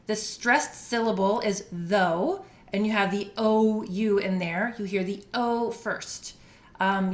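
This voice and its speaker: American lady teaching vowel sounds, careful and clear, spelling stuff out, kinda echoey room. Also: mid-range voice, a bit bright. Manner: clear, deliberate, spells out letters. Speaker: pronunciation teacher. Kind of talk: scripted lesson.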